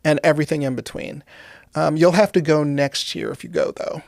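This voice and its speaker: A young woman, a guest comedian, chatting casually in an interview with deadpan dark humor and laughing at her own jokes. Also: low-pitched, brisk, creaky.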